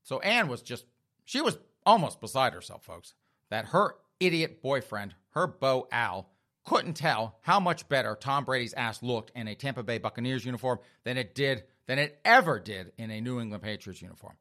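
A man's voice: medium pitch, big pitch swings, normal speed, sharp tone. A man telling a comic story in a sardonic way, often addressing listeners as folks. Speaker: comedic storyteller. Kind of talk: comedic storytelling.

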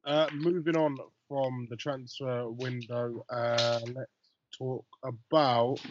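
A man's voice: medium pitch, level tone, slow, highs cut off, noisy background. A man co-hosting a casual football podcast, teasing the others in playful banter. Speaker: podcast co-host.

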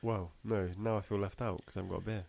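Low gravelly man, laid-back podcast chat. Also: fairly even intonation, fast, darkish tone. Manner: laid-back, jokey storytelling. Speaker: podcast co-host. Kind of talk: casual chat.

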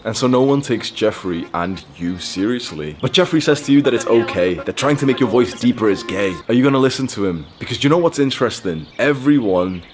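A man's voice: medium pitch, animated, fairly quick, few pauses, faint music behind. A young man hosting a podcast, giving casual advice in a blunt, profane, slangy way. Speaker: podcast host.

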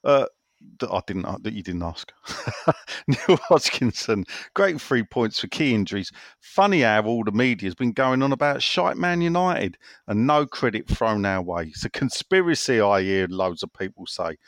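Animated man talking football. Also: lowish voice, normal speed, dry recording, clean studio sound. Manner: animated, opinionated. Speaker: podcast co-host. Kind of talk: casual football podcast chat.

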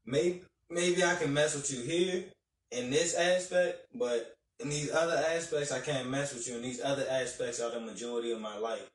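A man's voice: medium pitch, moderate pace. A man co-hosting a casual live-stream chat, reflective and encouraging, with loose filler words. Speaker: podcast co-host. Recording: roomy, distant mic.

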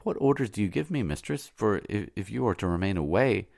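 A man's voice: big pitch swings, brisk, gravelly, darkish tone, no echo, studio quality, full character voice. A man voicing an old female slave nurse who grumbles and frets, with a pleading, raised tone. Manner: fretful, pleading, raised pitch.

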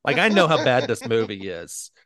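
Animated man telling a story on a podcast. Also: medium pitch, moderate pace, crowd noise. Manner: animated storyteller, acts out quoted voices. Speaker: podcast co-host. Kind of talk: casual chat.

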